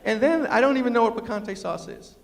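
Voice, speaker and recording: A man with a New York accent tinged by West Virginia spins a comic story for a live audience, his voice fairly high. He jumps into quoted voices with big swings in pitch. The sound carries a long hall reverb. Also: brisk, creaky, slight background noise. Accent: New York with West Virginia influence. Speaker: storyteller and humorist giving a talk. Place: large lecture hall with audience.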